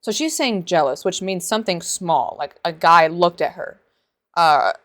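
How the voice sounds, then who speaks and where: A woman's voice: lowish voice, expressive, moderate pace, a bit bright. A woman making a casual reaction video at home, talking in a chatty, sarcastic way full of filler words. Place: hot bedroom at home.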